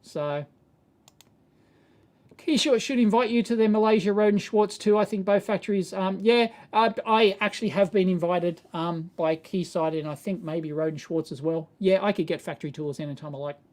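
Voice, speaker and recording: A man's voice: high voice, normal speed, a little mellow. A man with an Australian accent hosting a live stream, answering viewer questions in a casual, rambling way with frequent chuckles. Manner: rambling, chuckling, self-correcting.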